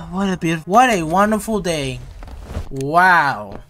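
A man's voice: high-pitched, animated, slow pace, fairly bright tone, slight background noise. Jumpy young man narrating his gameplay. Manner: jumpy, rambling slang-heavy running commentary. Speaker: gaming youtuber. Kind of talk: horror game let's play commentary.

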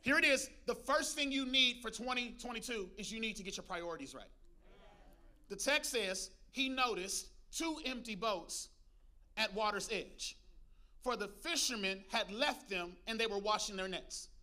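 A man preaching a lively sermon as pastor, calling out to the congregation and joking between points. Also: high voice, normal speed. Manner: preachy call-and-response with congregation, humorous asides. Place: church.

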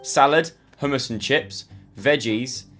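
A man's voice: medium pitch, slow, fairly bright tone. Young man, casual self-mocking quiz commentary, light music bed behind. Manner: chatty, self-mocking, thinks aloud. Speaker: YouTuber. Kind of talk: casual commentary playing online quizzes.

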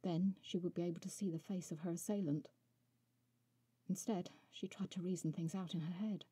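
A woman author reading her own short story aloud in a soft, measured way. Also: mid-range voice, husky, no room sound. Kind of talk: storybook narration.

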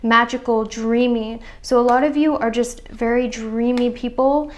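A woman's voice: fairly high pitch, fairly even intonation, unhurried. A young woman giving a pick-a-card tarot reading straight to her viewers, earnest and chatty, full of "I feel like" and "you know". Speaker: tarot reader.

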